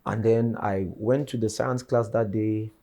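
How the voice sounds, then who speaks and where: A man's voice: on the low side, fairly even intonation, measured pace, dark tone. A young man, answering interview questions in an earnest, rambling way. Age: young adult. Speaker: interview guest.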